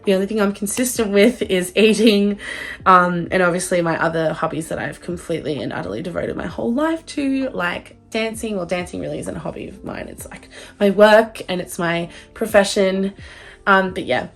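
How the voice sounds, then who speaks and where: A woman's voice: mid-range voice, normal speed, gravelly, soft background music. Gushing young woman vlogger. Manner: gushing, excitable, swears freely. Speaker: book vlogger. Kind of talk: casual vlog outro.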